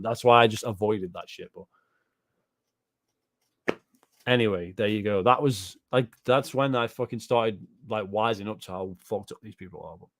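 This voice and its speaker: A man's voice: lowish voice, fairly bright tone, no room sound, studio quality. A man ranting casually on a livestream, reacting to chat in a rambling, profane, incredulous way.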